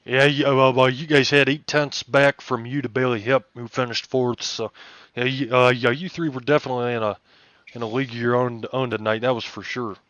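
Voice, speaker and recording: A man interviewing drivers after a sim race, hoarse, folksy and excitable with lots of fillers. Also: mid-range voice, brisk, no room sound, lo-fi sound. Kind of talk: casual post-race interview over voice chat.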